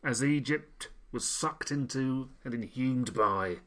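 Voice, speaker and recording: A man with an ordinary middle pitch narrates a casual history talk. He moves through the facts steadily and adds dry, wry remarks along the way. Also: slow pace, fairly bright tone. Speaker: podcast co-host.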